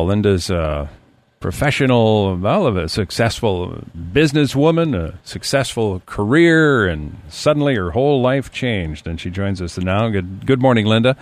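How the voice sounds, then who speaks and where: A man's voice: medium pitch, no echo. Man hosting a radio interview. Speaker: radio host.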